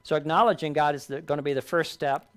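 A man preaching a sermon, earnest, lifting his voice for emphasis and dropping low on key lines. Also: steady tone, quick pace. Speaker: pastor.

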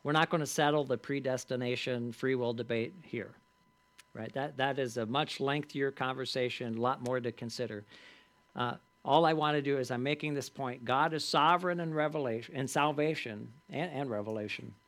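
A Bible study teacher, male, talks with his class in a conversational manner, regularly checking in via short tag questions. When he reads scripture aloud he adds emphasis, and his voice sits at medium pitch with a fairly bright tone.

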